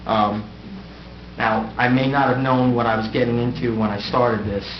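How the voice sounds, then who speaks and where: A man's voice: mid-range voice, little pitch movement, normal speed. Wry middle-aged man giving a farewell speech. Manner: wry, self-deprecating humor. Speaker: outgoing mayor. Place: council chamber dais. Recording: echoey, dull, noisy room recording.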